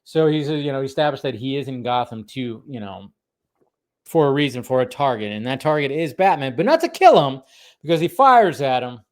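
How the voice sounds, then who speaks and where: A man's voice: mid-range voice, animated, brisk. A man in his thirties, rambling casually as he recaps a cartoon episode, laughing often and restarting his sentences. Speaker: podcast co-host.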